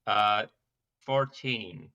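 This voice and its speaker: A man's voice: lowish voice, lively intonation, very slow, sharp tone, dull audio. A man playing in a tabletop game, teasing and joking with the game master. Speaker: player.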